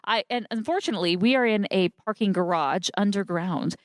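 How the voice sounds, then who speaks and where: A woman's voice: mid-range voice, brisk, no room sound, studio quality. A woman co-hosting a podcast, chatting casually about a film in an underground parking garage, laughing often and thinking aloud. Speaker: podcast co-host. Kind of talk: casual movie review chat.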